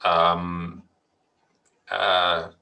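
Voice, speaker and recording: A man's voice: sits low, completely flat delivery, extremely slow, sharp tone. Teasing man hosting a podcast. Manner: joking, teasing. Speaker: podcast host. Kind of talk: casual chat.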